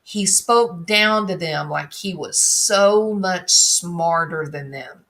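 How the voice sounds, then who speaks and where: Woman, unhurried speech, bright tense tone, scornful, emphatic commentary. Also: fairly low pitch. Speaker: true crime commentator. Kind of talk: opinionated solo commentary.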